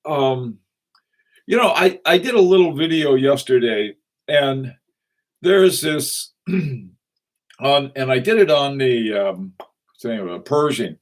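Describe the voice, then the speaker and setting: A man's voice: medium pitch, lively intonation, slow pace, pauses often. A man hosting a casual livestream about watches. He greets viewers and rambles with frequent chuckles, fillers and restarts. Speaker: watch channel host.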